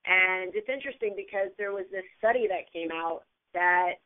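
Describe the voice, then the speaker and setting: A woman's voice: on the low side, moderate pace. A woman co-hosting a sports radio show, chatting eagerly about the big game and its commercials. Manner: chatty and enthusiastic, frequent restarts. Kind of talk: casual sports radio chat. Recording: phone-like narrow band.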